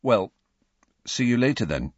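A man's voice: mid-range voice, very animated, measured pace, no room sound, muffled recording, pitched above the performer's own voice. A man voicing a subdued, polite teenage boy wizard with a plain, slightly tense delivery.

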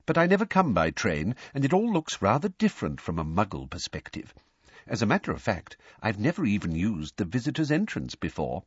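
A man voicing an excitable middle-aged wizard father fascinated by non-magic things, in a raised, eager storybook voice. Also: fairly low pitch, fairly quick, husky, no room sound, highs cut off, full character voice. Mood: cheerful.

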